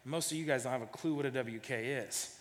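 A man's voice: mid-range voice, fairly quick. Man preaching casually in a reverberant hall. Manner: casual storytelling, repeats starting words. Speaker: pastor. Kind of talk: sermon.

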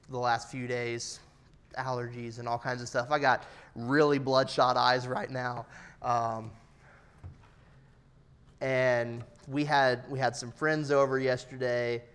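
A man in his thirties preaching an earnest, personal sermon, his loudness rising and falling for emphasis. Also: mid-range voice, clear, resonant tone. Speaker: pastor.

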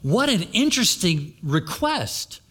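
A man's voice: sits high, sing-song, unhurried, fairly bright tone, slightly rough. A man preaching a sermon, retelling a story and turning to the congregation with asides. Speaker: pastor.

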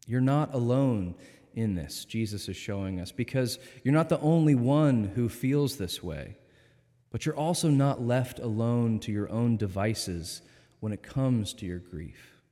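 A man delivers a sermon in a calm, earnest, measured way. His voice has a middling pitch and carries a long reverb from a church interior. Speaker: preacher.

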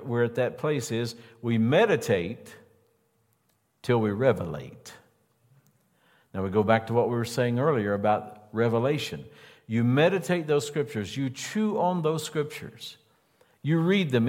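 A man's voice: mid-range voice, a little mellow. Man preaching in a reverberant hall. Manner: earnest, builds emphasis by repeating phrases. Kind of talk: sermon.

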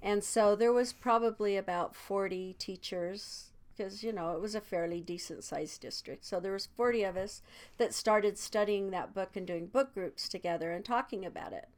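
A woman's voice: mid-range voice, normal speed. A woman in her sixties, a kindergarten teacher, chatting casually and laughing often between thoughts. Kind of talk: casual conversation.

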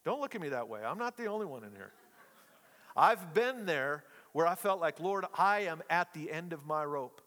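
Bright-voiced preacher in a reverberant hall. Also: male voice, fairly high pitch, normal speed. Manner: storytelling, animated with playful asides. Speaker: pastor. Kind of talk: sermon. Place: church hall, live congregation.

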